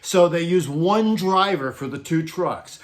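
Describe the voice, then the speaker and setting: A middle-aged man telling a casual comedic anecdote about his work, chuckling often and acting out quoted lines in animated voices. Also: a little high, measured pace. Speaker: storyteller recounting road crew tales.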